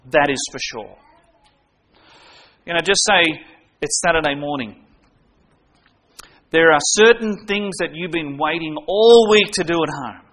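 A man's voice: fairly high pitch, a bit bright. A man preaching a sermon, earnest, making his points with everyday stories and direct questions to the congregation.

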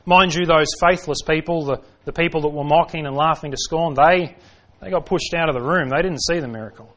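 A man delivers a sermon from the pulpit. His voice sits a little high, and he builds his points with repeated rhetorical questions. He acts out the voices of the people in the story as he goes. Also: fairly bright tone. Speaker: pastor.

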